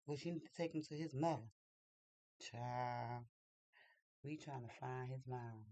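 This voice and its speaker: A man telling a personal story in a casual, animated and chatty way, acting out what people said. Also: medium pitch, normal speed, long pauses, dry recording. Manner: animated, chatty, acts out quotes. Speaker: vlogger.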